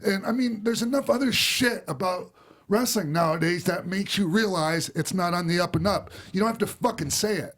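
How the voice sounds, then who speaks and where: A man talks on a podcast in a high voice and rants with heat, swearing freely as he vents. His tone is casual and blunt. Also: normal speed, fairly bright tone. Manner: ranting, profane, heated. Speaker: podcast host.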